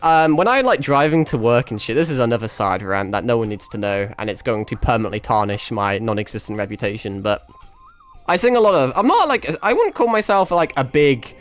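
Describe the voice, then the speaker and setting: Um jovem streamer conversando casualmente de madrugada, divagando com muitos palavrões, hesitações e recomeços, com a voz cansada e falhando depois de horas falando. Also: male voice, mid-range voice, very animated, a little fast, smooth. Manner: rambling, swearing, lots of restarts and fillers. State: voice tired and cracking after hours of talking. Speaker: VTuber streamer. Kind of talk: casual late-night stream chat. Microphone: desk microphone.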